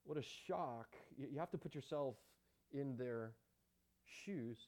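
A man's voice: medium pitch, unhurried, darkish tone. A man preaching a sermon as pastor, emphatic, with rhetorical questions and chatty asides to the congregation.

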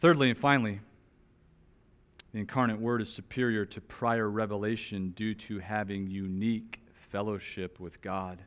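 Man, sermon, pastor, animated, emphatic, shifts from loud to soft. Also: on the low side. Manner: animated, emphatic, with wide swings in loudness; drops to a soft, slow voice for key points. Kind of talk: expository sermon.

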